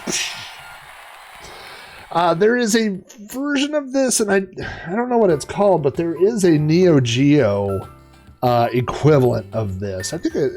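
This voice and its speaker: A man's voice: a little high, a little mellow. A middle-aged man streaming retro racing games, chatting in a rambling way and cracking dad jokes. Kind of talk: casual live-stream commentary.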